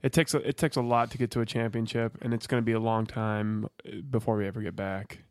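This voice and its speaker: A man's voice: fairly low pitch, flat delivery, fast talker, darkish tone, dry recording, clean studio sound. A young man co-hosting a casual sports podcast, venting in a profane, heated rant. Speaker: podcast co-host.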